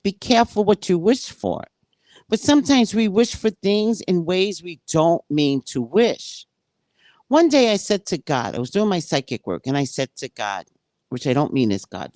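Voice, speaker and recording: A woman who works as a psychic, reading from a spiritual book and commenting on it, acting out dialogue like an animated storyteller. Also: extremely low pitch, moderate pace, no echo.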